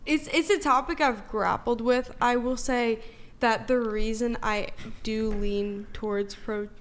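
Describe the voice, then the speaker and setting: A woman's voice: on the high side, steady tone, unhurried, a little hiss or hum. A woman guest on a podcast panel, answering hesitantly, with lots of fillers and hedging. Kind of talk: casual debate answers.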